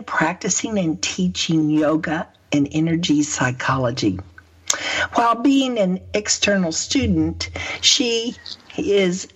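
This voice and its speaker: A woman hosting a radio show in a chatty, effusive way. Her voice sounds lower and husky from a pollen allergy. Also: poor audio. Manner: chatty and effusive, with drawn-out emphasis. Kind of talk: casual hosting chat.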